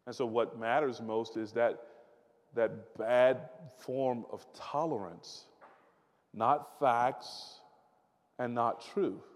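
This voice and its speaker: A man delivers a sermon in a chatty, conversational way, doubling up his words and putting questions to the audience. His voice sits at an ordinary pitch for a man. The long reverb of a large hall rings behind him. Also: slow pace. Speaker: pastor.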